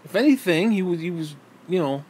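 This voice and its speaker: A man's voice: sits high, expressive, brisk, darkish tone, breathy edge. A man giving a heated, exasperated political rant to camera, swearing freely. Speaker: vlogger.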